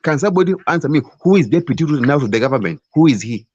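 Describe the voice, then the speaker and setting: A man's voice: a little high, expressive, rapid-fire, darkish tone, no echo. A man with a Kenyan accent making a passionate political case in an online debate, often repeating and restarting his words. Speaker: debate participant. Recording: dull, lo-fi online call audio.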